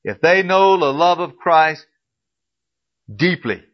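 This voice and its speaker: A man's voice: a little high, animated, takes it slowly. Man preaching a dynamic sermon. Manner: preaching with emphatic repeated questions, swinging from soft to loud. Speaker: pastor. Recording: dull lo-fi recording.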